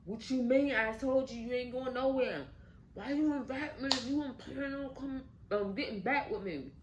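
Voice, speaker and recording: A woman's voice: fairly low pitch, fairly even intonation, unhurried, muffled recording, a little hiss or hum, close to an everyday voice. A woman voicing a jealous, stalking ex-boyfriend who pleads and then turns menacing. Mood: angry.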